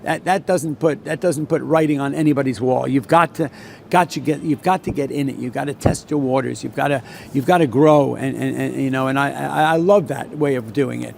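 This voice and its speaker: A man's voice: mid-range voice, a little fast, vocal fry, slight background noise. An older man telling trading stories in a rambling way, full of restarts and repeats. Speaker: veteran floor trader. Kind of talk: solo talk with anecdote.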